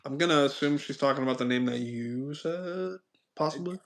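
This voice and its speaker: A man hosting a casual stream chat at a medium pitch. He rambles and hedges, circling back while he works out what he means. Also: normal speed. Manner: rambling, hedging, unsure. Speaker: streamer host.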